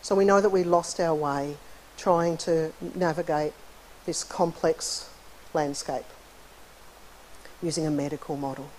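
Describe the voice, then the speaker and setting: A middle-aged woman giving a friendly, chatty conference lecture in a university hall. She often clears her throat between points. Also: deep voice, fairly even intonation, measured pace, a little mellow, slight background noise. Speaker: conference keynote speaker, psychologist. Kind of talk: conversational lecture.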